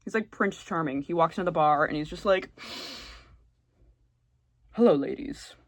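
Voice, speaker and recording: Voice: mid-range voice, quick pace, fairly bright tone, no room sound. A young adult YouTuber giving blunt, sarcastic, casual comedic commentary and swearing freely. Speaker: YouTuber ranking game characters.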